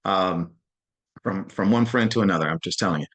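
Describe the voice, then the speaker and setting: A man with a bright, forward voice hosts a group video call and talks in a loose, chatty way. He keeps checking in with "okay?" and "right?" and restarts his phrases as he goes. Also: deep voice, a little fast. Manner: frequent restarts and repeated words. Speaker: host of a mastermind call.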